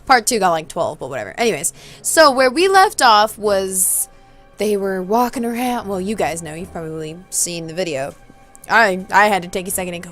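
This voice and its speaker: A young woman in her twenties from southern California talks in a chatty, rambling let's-play style, poking fun at herself and breaking into excited outbursts. Her pitch sits mid-range for a woman, and faint music plays in the background. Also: moderate pace. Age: 20s. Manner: chatty, rambling, self-deprecating, bursts of excitement. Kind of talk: casual commentary while reading a game.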